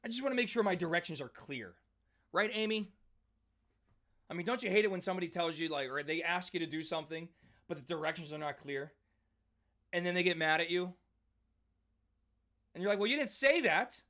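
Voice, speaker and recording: Chatty, bright-voiced math teacher in his forties. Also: fairly high pitch, brisk, long pauses. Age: 40s. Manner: chatty, animated storyteller, talks directly to students by name. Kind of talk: live class lecture with side stories.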